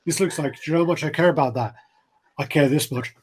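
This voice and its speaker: A man's voice: a little high, fast talker, crowd noise. A man co-hosting a casual chat about collectible statues, blunt, swearing freely and laughing often. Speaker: collectibles show co-host.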